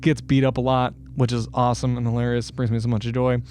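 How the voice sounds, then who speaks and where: Swearing dude on a crime podcast, laughs a lot, acts out quotes, faint room noise. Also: male voice, mid-range voice, little pitch movement, fast talker, darkish tone. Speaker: podcast co-host. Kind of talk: casual true-crime podcast chat.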